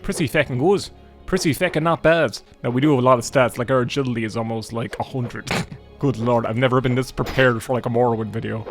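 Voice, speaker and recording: Irish man, casual gameplay commentary, rambling and chatty, mid-pitched voice, faint music underneath. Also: fast talker. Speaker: gaming YouTuber. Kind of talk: casual let's-play commentary.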